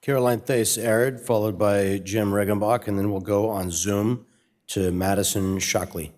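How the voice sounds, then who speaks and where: A man with a lowish voice chairs a council meeting. He reads out the names of upcoming speakers briskly and matter-of-factly. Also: fairly even intonation, darkish tone. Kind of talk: procedural announcements.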